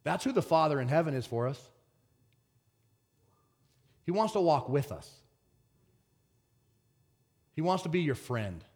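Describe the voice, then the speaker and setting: A man preaching a sermon as pastor, swinging from shouted excitement to quiet earnest talk. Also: on the high side, unhurried, pauses often.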